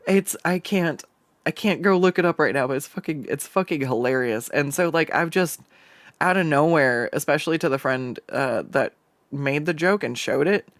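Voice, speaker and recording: Drawing on stream from a home setup, this artist talks casually into a desk mic, rambling, swearing, and restarting clumsily. Pitch sits in the middle and the speed is normal, with a dry recording.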